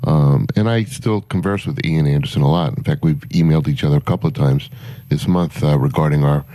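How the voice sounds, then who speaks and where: A man's voice: very deep voice, fairly quick, dark tone, no room sound. A man, a concert promoter guest on a morning radio show, telling rambling anecdotes with many fillers. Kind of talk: casual radio storytelling.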